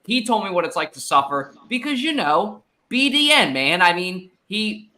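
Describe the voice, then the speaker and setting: A man co-hosting a casual sports podcast, upbeat and joking with quick asides over a video call. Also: high-pitched, sing-song, sharp tone. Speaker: podcast co-host.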